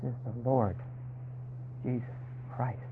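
Emphatic preacher on a lo-fi broadcast. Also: male voice, medium pitch, fairly even intonation, unhurried, noisy background. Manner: emphatic, dramatic, voicing the people he quotes. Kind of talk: sermon.

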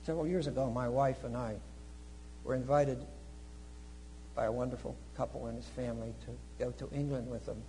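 A man preaching a sermon, telling a travel story with lively swings between quiet asides and loud exclamations. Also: mid-range voice, brisk, pauses often, a little hiss or hum, rough recording. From United States.

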